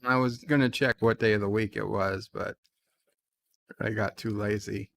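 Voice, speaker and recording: A man with a steady, creaky, fairly bright voice talks at normal speed while hosting a live stream. He chats casually with a slight New York accent and a dry, offhand manner, reading viewer comments aloud in a raised, livelier voice and then answering in a dry, low aside.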